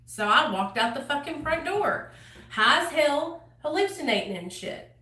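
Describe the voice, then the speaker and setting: A woman's voice: high-pitched, big pitch swings, moderate pace, sharp tone. Blunt, foul-mouthed woman telling her story. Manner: blunt, heavy swearing, lots of fillers. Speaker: channel host sharing her recovery story. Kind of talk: casual storytelling to camera. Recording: echoey room, voice a bit far from mic.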